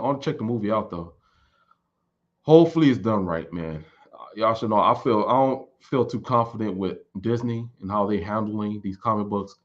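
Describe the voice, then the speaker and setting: A man in his thirties in casual chat, answering viewer questions in a relaxed, rambling way and repeating words as he thinks. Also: medium pitch. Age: 30s. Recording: dull lo-fi recording.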